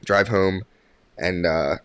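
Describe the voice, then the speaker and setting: A young man tells a story as a podcast guest, in a voice a little lower than most. He rambles with plenty of fillers and restarts. The sound is dry and close. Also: slow, smooth, dry recording. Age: young adult. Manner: animated when quoting others. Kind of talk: casual storytelling.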